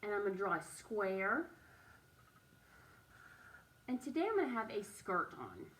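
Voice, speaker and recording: A woman teaching a writing and drawing lesson to young children, speaking slowly and encouragingly and stressing each word. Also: medium pitch, sing-song, a bit bright, far from the mic, a little hiss or hum.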